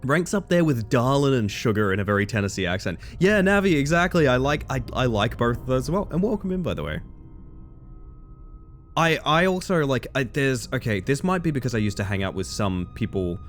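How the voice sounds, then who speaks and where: A man's voice: medium pitch, big pitch swings, brisk, faint music behind. A man streaming live, chatting casually with viewers and reading their messages aloud, laughing often. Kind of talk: casual live-stream chat while gaming.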